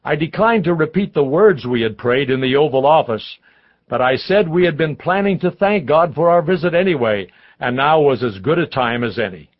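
A man narrating a memoir audiobook in the first person, with measured storytelling, on a dull, lo-fi recording. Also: a little high, animated.

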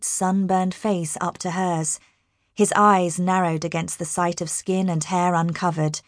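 A woman narrating an audiobook in a measured, even manner. Her voice sits a little low and she reads unhurriedly, in a dry, close recording. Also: dry recording. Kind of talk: scripted narration.

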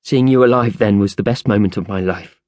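A man voicing a reserved mother who speaks in careful, measured words. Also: on the low side, a little mellow, no echo, close to an everyday voice. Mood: guarded. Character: guarded mother, calm and reserved.

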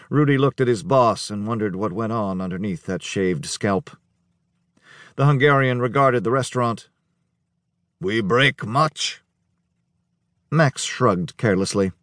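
A man's voice: medium pitch, no echo. Man narrating a thriller audiobook, dry studio. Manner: measured, even storytelling. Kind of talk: scripted narration. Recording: dry studio, close mic.

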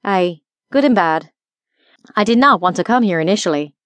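A woman's voice: mid-range voice, expressive, normal speed, dry recording, lightly acted. A woman voicing a flirty Scottish dragon-shifter bounty hunter in an audiobook, teasing and affectionate, with a Scottish accent. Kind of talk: audiobook character voice.

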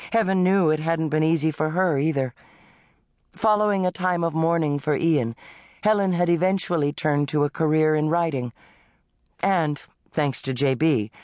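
A woman's voice: low voice, a little mellow, dry recording. Woman narrating an audiobook, dry studio sound.

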